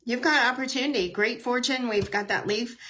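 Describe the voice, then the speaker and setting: A woman's voice: fairly high pitch, brisk, a bit bright. A woman hosting a casual live-stream tarot reading, chatty and heartfelt, with frequent ums and restarts. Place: at home.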